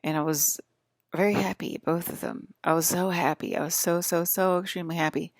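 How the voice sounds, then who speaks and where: A woman with a low, gravelly voice and a lilt talks in a loose, wandering vlog monologue. She often trips over her own sentences and starts them over. The sound is close and dry. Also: fairly even intonation, a little fast, dry recording. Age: adult with children. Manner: chatty, wandering, restarts mid-sentence. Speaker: vlogger. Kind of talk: rambling casual monologue. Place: hotel room.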